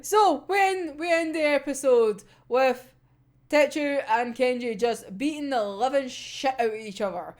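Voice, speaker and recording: A woman with a Scottish accent casually talking through an anime episode, animated and laughing often, with plenty of swearing. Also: high voice, unhurried. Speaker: anime reviewer.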